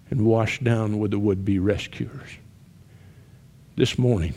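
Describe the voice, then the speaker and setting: A man with a medium-pitched, gravelly voice preaches a sermon. He tells a story, shouting out its cries, then drops to hushed, earnest appeals.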